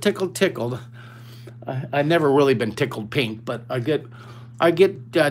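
An older man teaching a live drawing lesson for children over a webcam, enthusiastic and playful, chatting to the kids as he draws. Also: on the high side.

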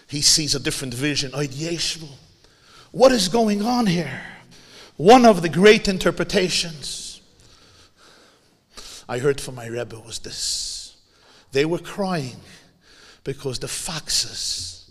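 A man giving a memorial sermon as a rabbi, swinging from hushed tones to shouting and asking rhetorical questions. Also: a little high, animated, normal speed. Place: large hall. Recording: long hall reverb.

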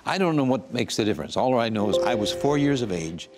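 A man's voice: mid-range voice, animated, quick pace. A man in his eighties, a guest earnestly telling his life story and acting out the voices he quotes. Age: 80s. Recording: music playing under the voice. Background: soft music.

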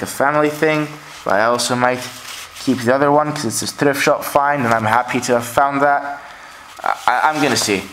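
A man's voice: mid-range voice, fairly bright tone, a little hiss or hum, poor audio. A man in a casual vlog, reading out track lists from his records in an offhand, shrugging way, recorded on a camera mic indoors at home. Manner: offhand, shrugs things off with "whatever". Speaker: vlogger showing record pickups.

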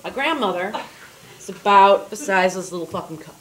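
A woman doing stand-up, telling a story in an animated, profane and self-mocking way on a theater stage. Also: mid-range voice, brisk. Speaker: stand-up comedian. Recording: loud background noise, live theater.

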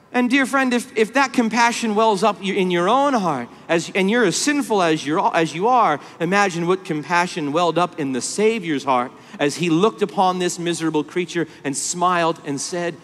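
Impassioned high-voiced male preacher. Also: normal speed, few pauses. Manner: impassioned, rising from hushed tenderness to loud emphasis. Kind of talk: sermon. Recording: long hall reverb.

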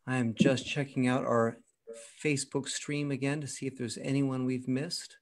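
A man who is a priest speaks with a middle-pitched voice in a friendly, chatty way. He is heard over a video call in easy conversation. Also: flat delivery, moderate pace. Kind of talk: casual video-call chat.

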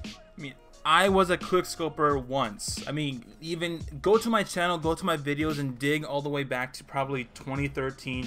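A man's voice: medium pitch, pushed and bright. A young man giving gameplay commentary on his video channel, ranting in an opinionated, frustrated way. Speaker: gaming video creator.

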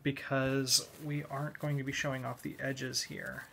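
A man talks through a model kit tutorial, explaining one step at a time in an unhurried, easygoing way. His voice sits in an ordinary middle pitch. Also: little pitch movement, vocal fry, a bit bright, a little hiss or hum. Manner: laid-back step-by-step explaining. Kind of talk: hobby tutorial.

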